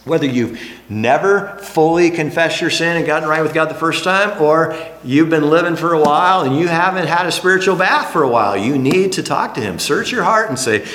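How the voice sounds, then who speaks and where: A man preaching a sermon, emphatic, dropping to hushed lines and then rising to animated exclamations. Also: on the high side, fairly quick, slight background noise. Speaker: pastor. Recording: echoey hall.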